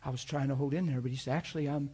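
A man preaching a sermon, telling a personal story and acting out the dialogue with lively, shifting energy. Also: racing, husky. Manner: animated storyteller acting out dialogue, pitch jumping up when excited. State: crying while retelling.

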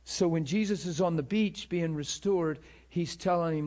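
Male pastor, fairly high voice, impassioned sermon delivery. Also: lively intonation, unhurried, a little mellow. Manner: impassioned preaching, laughs between points.

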